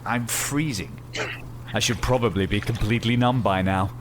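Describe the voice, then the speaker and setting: A man's voice: lowish voice, moderate pace, noisy background, lightly acted. An actor playing a cheerful, chatty man chained underwater in hell, speaking nonchalantly in an audio drama. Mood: chirpy.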